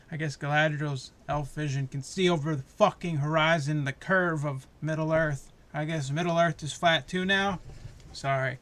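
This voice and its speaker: A man's voice: fairly high pitch, fairly even intonation, measured pace, fairly bright tone. A man giving a heated, profane, passionate review of a show, talking in a casual rant.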